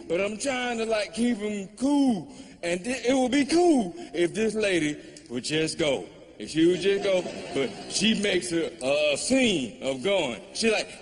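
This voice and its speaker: A man doing stand-up comedy, telling a story in a wry, drawling way with pauses. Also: sits high, expressive. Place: live comedy venue, large hall. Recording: live hall reverb, faint ambience.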